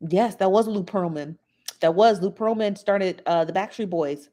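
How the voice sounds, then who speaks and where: A woman's voice: medium pitch, moderate pace, dark tone. A woman, chatting animatedly as a podcast co-host and laughing often. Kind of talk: casual chat.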